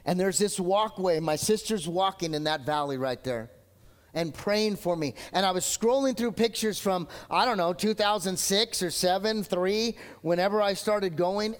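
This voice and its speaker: Male pastor, high-pitched, animated preacher acting out voices, reverberant church. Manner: animated storytelling, acts out quoted voices. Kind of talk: sermon. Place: church sanctuary. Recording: long hall reverb.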